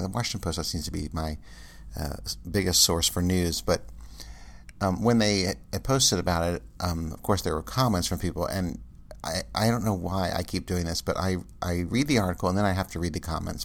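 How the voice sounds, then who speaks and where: A man rambling casually in a monologue, with many fillers and restarts, and ranting in exasperation. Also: sits low.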